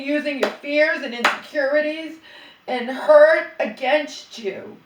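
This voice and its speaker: A woman's voice: sits high, measured pace, background noise. A middle-aged woman vlogger venting in an agitated, profane, rambling monologue full of restarts. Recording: roomy and distant from the mic.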